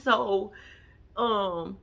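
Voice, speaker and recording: A woman's voice: mid-range voice, drawn-out words, vocal fry, a bit bright. A woman giving a casual commentary recap of a reality TV episode, blunt and profane, acting out the people she quotes.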